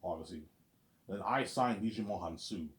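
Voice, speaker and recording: A man with a low voice rambles through a casual vlog monologue, circling back on his points and leaning on the same stock phrases. His voice rings off the walls of an echoey room. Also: moderate pace. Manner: rambling and repetitive, lots of "obviously" and "you know what I'm saying". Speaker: vlogger. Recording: roomy echo.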